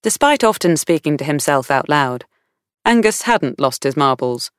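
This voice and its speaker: A woman reading a novel aloud in measured, warm storytelling. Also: low-pitched, big pitch swings, smooth, dry recording, studio quality. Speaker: audiobook narrator. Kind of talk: scripted narration.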